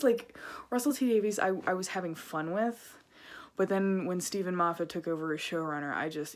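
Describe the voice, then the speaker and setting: Low-voiced woman ranting casually. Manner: chatty, ranty, heavy use of filler 'like'. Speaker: vlogger. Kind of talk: casual rambling review vlog.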